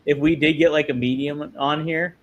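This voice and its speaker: A man's voice: a little high, fairly even intonation, unhurried, muffled recording. A young man co-hosting a casual podcast who agrees readily, laughs easily and reads out viewer messages. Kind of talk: casual chat.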